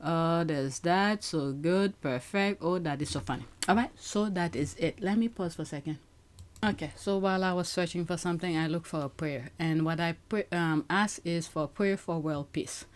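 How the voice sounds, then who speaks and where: A woman's voice: fairly low pitch, moderate pace. A woman hosting her own channel, chatting casually about social media posts and laughing often as she talks to viewers. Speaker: channel host.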